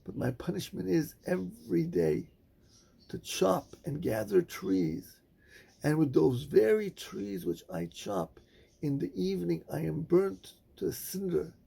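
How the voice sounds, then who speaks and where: A man puts on a doomed dead soul from a spoken tale, pleading in a low, hushed voice. The voice is gravelly and husky, and it sits fairly high for a man. The soul sounds weary and resigned. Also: big pitch swings, measured pace, exaggerated voice. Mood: mournful.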